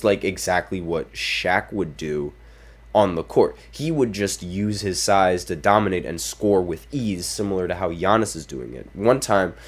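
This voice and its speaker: A man with a deep, low voice hosts a basketball podcast. He gives opinionated, casual commentary and reads quotes aloud, adding apologetic asides. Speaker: podcast host.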